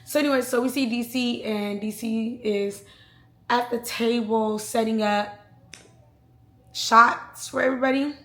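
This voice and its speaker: A woman vlogger telling a personal story in a casual, slangy, animated way. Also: fairly high pitch, reverberant. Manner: chatty, slangy, animated retelling.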